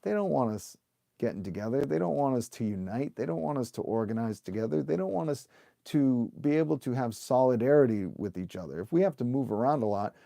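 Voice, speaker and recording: A man's voice: medium pitch, vocal fry, mellow, no echo, clean studio sound. Fired-up man ranting to his stream. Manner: fired-up, emphatic, rhetorical questions, occasional swearing. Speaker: livestream host and union organizer. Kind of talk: impassioned livestream rant to viewers.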